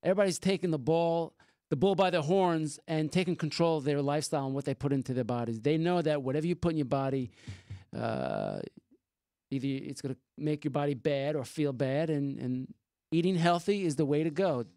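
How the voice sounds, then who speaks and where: A man's voice: on the high side, lively intonation, a little fast, mellow, clear, resonant tone, no room sound, studio quality. Chatty man hosting a radio show. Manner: chatty, jokey, reads out call-in number. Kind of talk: casual radio talk.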